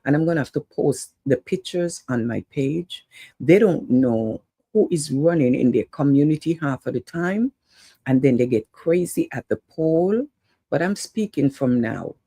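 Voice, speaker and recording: A woman's voice: deep voice, expressive, measured pace, warm tone, breathy edge, no room sound. A woman hosting an online talk show, giving an urgent, preachy monologue to her viewers and calling out some of them by name. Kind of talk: impassioned political monologue to viewers.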